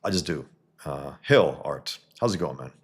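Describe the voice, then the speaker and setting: A man's voice: very deep voice, lively intonation, moderate pace, slightly rough. A man casually reviewing a comic on a live stream, rambling with many fillers and restarts.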